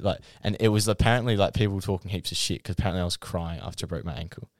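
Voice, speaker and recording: A young man with a very low voice, talking through a casual podcast chat in restless, animated bursts. He keeps restarting his sentences and fills them with "like". The sound is dry and close. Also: fast talker, few pauses, no room sound. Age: young adult. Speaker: podcast co-host.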